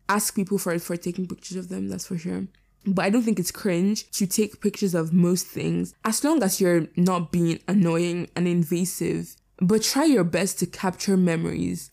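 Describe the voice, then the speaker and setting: Teen girl podcaster, hoarse and mellow, casual chatty delivery with swearing. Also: lowish voice. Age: teens. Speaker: podcast host. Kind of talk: casual solo podcast chat. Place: lying down indoors.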